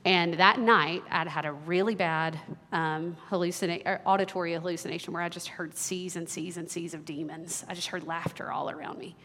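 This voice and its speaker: A woman in her thirties, a worship leader, telling a personal story in a sermon with earnest warmth and small laughs. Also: fairly low pitch, fairly even intonation, fairly quick, a little hiss or hum. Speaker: worship leader giving a talk. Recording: long hall reverb.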